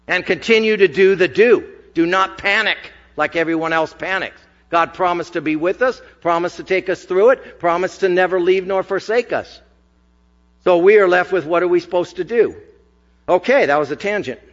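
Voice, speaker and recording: A man's voice: sits high, moderate pace. A man preaching a sermon in a conversational, emphatic way with casual asides, in a church hall on a dull recording with long reverb. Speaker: pastor.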